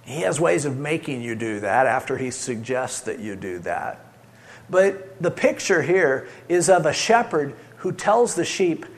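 Animated middle-aged male pastor preaching. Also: fairly high pitch, a little slow. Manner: animated, shifting between loud emphasis and soft soothing asides. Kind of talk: sermon.

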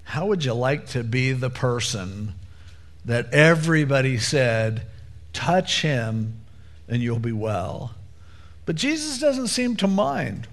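A man preaching a conversational sermon in a casual, animated way, acting out the people in the story. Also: fairly high pitch. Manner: casual, animated, acts out quotes.

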